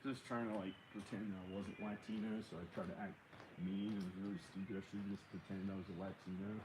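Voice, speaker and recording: A man's voice: low-pitched, flat delivery, fast talker, background noise. A man talking to himself as he films a casual vlog outside his house and in his car. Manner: rambling, talking to himself, giggly. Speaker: vlogger. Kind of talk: casual self-talk vlog. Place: outdoors near his house, then in his car.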